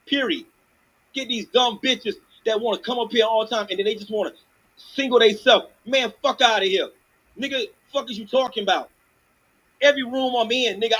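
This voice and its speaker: A man furiously yelling profane insults in an online audio chat room, speaking into a phone. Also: very high voice, breathy edge, low-quality recording. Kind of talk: heated argument.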